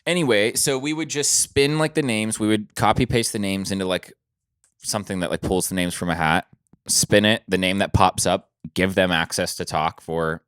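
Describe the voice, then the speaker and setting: Low-pitched and resonant, with a fairly bright, clear tone, this young man co-hosts a podcast at a moderate pace, rambling through casual chat full of fillers. His studio mic captures him cleanly with no echo.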